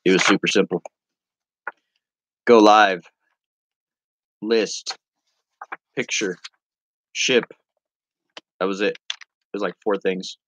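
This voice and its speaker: A man hosting a casual live stream, rambling and joking as he reads viewer comments, with sudden playful jumps into a high voice. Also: steady tone, slow, pauses often, fairly bright tone, dry recording. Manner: silly, playful with sudden high-pitched bursts.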